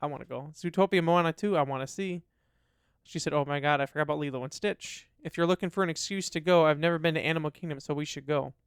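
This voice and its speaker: A man's voice: a little high, quick pace, smooth, no echo, studio quality. A man co-hosting a casual podcast, reading listener comments aloud and chatting about them. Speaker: podcast co-host. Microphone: studio dynamic mic.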